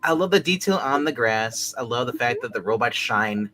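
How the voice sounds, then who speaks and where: A man's voice: medium pitch, lively intonation, moderate pace, sharp tone, a little hiss or hum. A man on a casual comics panel who gushes about the cover playfully and enthusiastically. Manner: playful, enthusiastic, laughs often.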